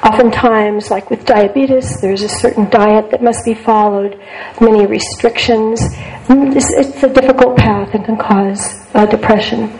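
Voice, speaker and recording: An older woman psychologist lectures a group in a slightly high yet mellow, warm voice. She talks earnestly and repeats words for emphasis. A faint hiss sits under the recording. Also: steady tone, measured pace, poor audio. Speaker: psychologist giving a talk.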